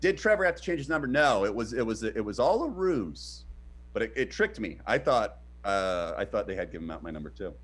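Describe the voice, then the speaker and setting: A man's voice: lowish voice, a little fast, husky. A man co-hosting a casual streamed chat, rambling with many fillers and acting out the stories he tells. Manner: rambling, hesitant with many fillers, animated retellings. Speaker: podcast co-host.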